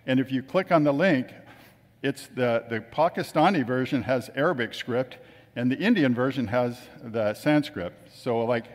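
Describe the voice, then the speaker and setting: In a hall with long reverb, a man recounts chatty anecdotes to a gathering and acts out the voices of the people he quotes. His voice is mid-range, at a moderate pace.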